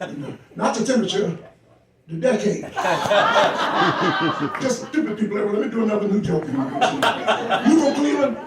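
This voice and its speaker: A man's voice: high-pitched, expressive, normal speed, long pauses, very noisy. An older man from Georgia doing teasing, playful stand-up comedy, chuckling at his own jokes, filmed on a phone from the audience of a large comedy club. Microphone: phone camera from the audience. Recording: echoey club from far off, loud crowd. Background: audience laughter.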